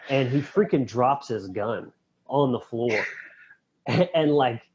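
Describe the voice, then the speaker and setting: A man co-hosting a podcast, retelling film scenes in a relaxed, slangy way. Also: medium pitch, slow pace, lo-fi sound, slight background noise. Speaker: podcast co-host. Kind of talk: casual film discussion.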